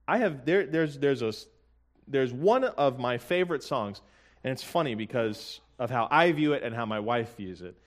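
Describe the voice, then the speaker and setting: A man in his thirties delivers a sermon with a slightly high voice. He talks in an earnest, conversational way, mixing jokes and asides with slowly sung hymn lines. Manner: sings hymn lyrics slowly. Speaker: pastor.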